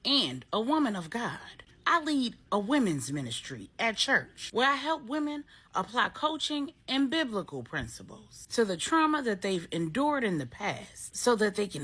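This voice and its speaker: A woman's voice: mid-range voice, fairly bright tone, husky. A woman voicing a firm, earnest churchgoing businesswoman who leads a women's ministry, in a storybook reading.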